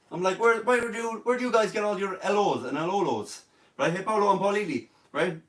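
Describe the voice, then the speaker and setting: A man's voice: sits high, expressive, a little fast, roomy sound, far from the mic. Jokey Irish man rambling on a live stream. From Ireland. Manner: jokey, rambling, slips into silly voices. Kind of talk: casual live-stream chat.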